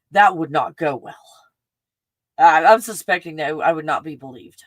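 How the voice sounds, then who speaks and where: A chatty livestream host with a Texan accent rambles excitedly from her home in the mountains, speaking at a normal speed in a fairly low voice. She piles on fillers as she goes. The audio is close and dry, with no room echo.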